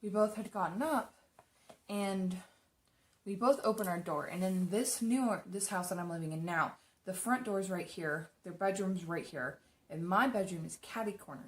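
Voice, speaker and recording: A young woman casually telling stories while doing her makeup, chatty and rambling, swearing freely. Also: on the low side. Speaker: makeup streamer.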